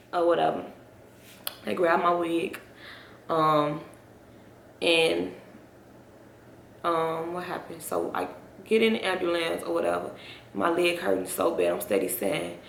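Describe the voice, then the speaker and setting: A woman's voice: on the low side, expressive, normal speed, creaky, pauses often, fairly bright tone, a little hiss or hum. A young woman telling a personal story on her vlog, rambling and talking straight to her viewers. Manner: rambling, addresses viewers directly. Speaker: vlogger. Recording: roomy echo.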